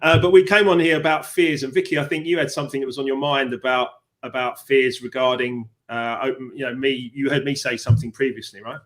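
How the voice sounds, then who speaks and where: A man's voice: mid-range voice, steady tone, a little fast, few pauses, a bit bright. A man with a London Cockney accent hosting a live stream chat as a success coach, rambling with many fillers and restarts over a video call.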